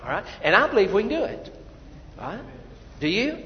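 A man preaching a sermon as pastor, animated, swinging between loud urging and hushed asides. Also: high voice, brisk, slight background noise. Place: church sanctuary. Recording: dull, reverberant church hall.

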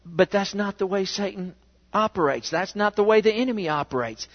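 A male pastor preaching a sermon, telling a story with animated rhetorical questions in a church. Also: high-pitched, normal speed. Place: church sanctuary. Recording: echoey, dull church recording.

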